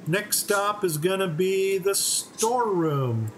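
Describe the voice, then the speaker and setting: Laid-back guy talking through a game, slow and easy, slightly high voice, faint hiss behind. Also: poor audio. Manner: relaxed, explains step by step. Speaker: gaming channel host. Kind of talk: game playthrough commentary.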